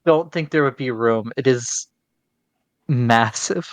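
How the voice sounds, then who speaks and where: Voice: mid-range voice, slow pace, no room sound. A game master narrating a tabletop game in a casual, matter-of-fact way, clarifying rules and describing scenes.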